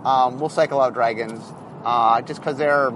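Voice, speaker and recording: A man's voice: mid-range voice, fairly even intonation, normal speed, fairly bright tone, a little hiss or hum. A man who is a game designer, talking in a casual, rambling way, often correcting himself as he explains. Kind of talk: casual spoken commentary.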